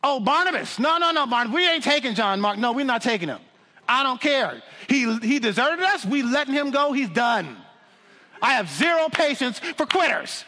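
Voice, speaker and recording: A man's voice: very high voice, very animated, normal speed, bright, forceful tone, big-room sound, full character voice. A man voicing a blunt, impatient male apostle who curtly refuses to take back a quitter. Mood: dismissive. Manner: curt, dismissive, clipped.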